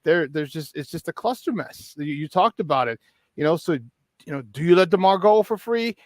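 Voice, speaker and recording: A man hosting a morning sports talk show, telling stories in an animated, excitable way. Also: fairly high pitch, moderate pace, dry recording, clean studio sound. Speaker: host. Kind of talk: casual sports radio talk.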